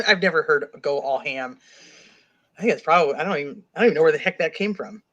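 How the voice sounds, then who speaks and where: A woman's voice: low-pitched, animated, fast, a bit bright. A woman hosting a casual true-crime discussion, rambling with lots of "like" while reading comments aloud. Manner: rambling, heavy use of "like". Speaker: host. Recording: dull lo-fi audio.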